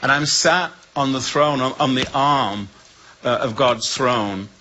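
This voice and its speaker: A man with an English accent, a guest speaker telling a humorous personal story with lively voices for the people in it. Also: mid-range voice, measured pace, slight background noise, rough recording. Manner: lively storyteller who acts out the voices in his tale.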